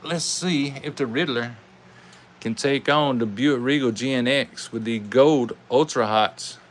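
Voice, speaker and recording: A man's voice: medium pitch, unhurried. Folksy Southern man calling toy races. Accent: Southern American. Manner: folksy, animated, chatty with viewers. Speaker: live stream host of toy car races. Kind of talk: live race commentary.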